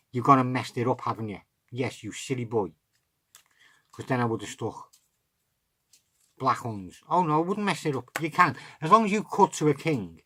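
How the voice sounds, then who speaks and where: A man's voice: mid-range voice, a bit bright. Chatty man teaching card tricks. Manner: chatty, explains step by step, talks to himself. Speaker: magic tutorial host.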